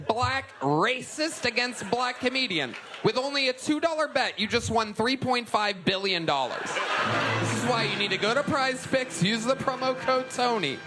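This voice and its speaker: A man's voice: very high-pitched, sharp tone. A man hosting a live comedy show, mocking a performer and laughing through his lines. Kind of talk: live stand-up crowd work. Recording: noisy live show clip.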